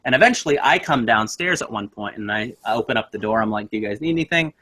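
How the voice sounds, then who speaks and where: Young man, bright forceful tone, animated casual ghost-story teller. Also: lowish voice, quick pace. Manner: animated, acts out voices in his story.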